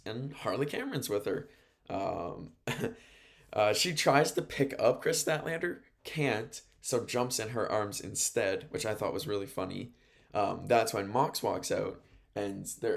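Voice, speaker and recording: A young man hosts a laid-back sports show and reads through his notes on a wrestling event. His voice sits low with a gravelly, fry-laden edge. He talks in a loose, rambling way and chuckles at his own slip-ups. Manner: chatty, rambling, laughs at own note mistakes. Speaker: radio host. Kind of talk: casual wrestling recap from notes.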